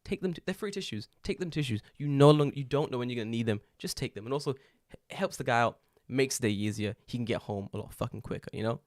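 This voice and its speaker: An English man co-hosts a podcast, speaking fast in a mid-range voice as he tells stories in casual chat. He swears freely and laughs often, keeping the storytelling profane and animated. The recording is dry and studio-clean.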